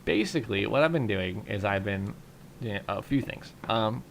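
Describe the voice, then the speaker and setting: Gravelly, low-voiced man thinking aloud. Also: normal speed, a little hiss or hum. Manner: relaxed, rambling, thinks aloud with fillers. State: yawning, tired. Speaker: gaming YouTuber. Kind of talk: casual Minecraft commentary.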